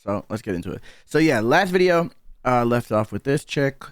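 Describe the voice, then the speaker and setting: A man's voice: mid-range voice, animated, normal speed, dry recording, clean studio sound. A man hosting a casual reaction podcast, rambling and joking loosely with his co-host. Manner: laid-back, rambling, joking.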